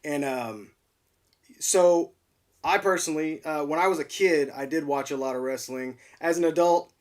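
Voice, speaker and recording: A male livestream host chatting casually, excitable and laughing often, with lots of fillers. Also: on the high side, normal speed. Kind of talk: casual chat. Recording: voice a bit distant from mic.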